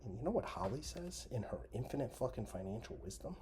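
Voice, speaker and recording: A man hosting a podcast, delivering a sarcastic, profane comedic rant that jumps from loud jabs to muttered asides. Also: medium pitch, quick pace, a little hiss or hum. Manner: animated, sarcastic, heavy swearing, trails into mutters and whispers. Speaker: podcast host.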